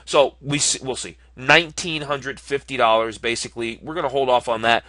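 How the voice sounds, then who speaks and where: A man's voice: medium pitch, steady tone, brisk, sharp tone, no room sound. A man talking casually as he clicks through options while building a car online, thinking aloud with frequent ums and uhs. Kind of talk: casual screen-recorded commentary.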